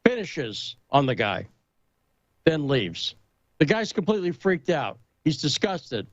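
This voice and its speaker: A man in casual talk-show conversation, telling a story and joke with lively emphasis. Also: on the high side, measured pace, no room sound, dull audio.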